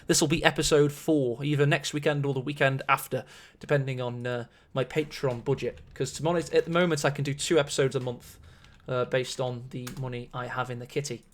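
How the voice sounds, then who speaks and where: A man's voice: mid-range voice, steady tone, a little fast, hardly any pauses, a little hiss or hum. A man casting a strategy-game match on a live stream, chatty and rambling with self-mocking asides. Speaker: esports caster.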